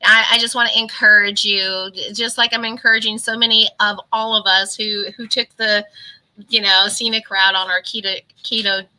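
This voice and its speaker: A woman's voice: medium pitch, little pitch movement, moderate pace, pushed and bright, low-quality recording. A middle-aged woman chatting casually on a live stream and greeting viewers by name. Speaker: keto vlogger.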